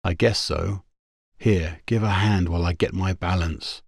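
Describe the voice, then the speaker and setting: A man playing a tough young space hero, talking in brisk questions. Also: sits low, fairly even intonation, creaky, slightly rough, dry recording, clean studio sound, exaggerated voice. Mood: alert.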